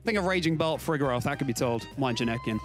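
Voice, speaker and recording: A man's voice: medium pitch, expressive, fast talker, soft background music. A man hosting a playful quiz segment, teasing and upbeat, and often repeating lines for effect. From Britain.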